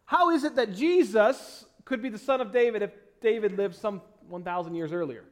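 This man's voice sits high as he preaches, a pastor reading scripture with deliberate, stressed phrasing. Loud emphatic moments alternate with quiet asides.

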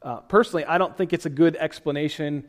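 A man's voice: a little high, fast. A man pastor giving a sermon, reading scripture aloud and then explaining it in a loose, conversational way with self-deprecating asides.

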